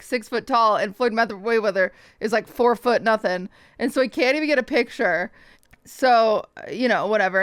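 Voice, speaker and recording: Young woman, streamer, casual storytelling, high-ish voice, smooth clear tone, dry sound. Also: dry recording. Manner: animated, swears freely, mimics others in quick asides.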